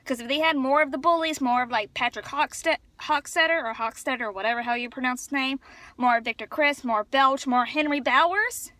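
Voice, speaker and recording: Chatty woman vlogger, bright and sharp-toned, rambling excitedly into a phone. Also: sits high, a little fast, no echo. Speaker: vlogger reviewing a film. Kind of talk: casual chat. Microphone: phone camera.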